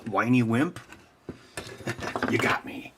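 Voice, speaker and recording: Slow, muttering man at a workbench. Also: mid-range voice, animated, a bit bright, slight background noise. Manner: teasing his cat in a silly voice between tasks. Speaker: host. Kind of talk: muttering to himself while repairing electronics.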